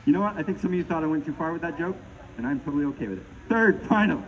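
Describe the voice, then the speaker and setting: A middle-aged comedy juggler from Maine, USA, performs live outside at a pond, joking around with the crowd. His fairly high voice races along with lively intonation. The recording is muffled and filled with loud background noise.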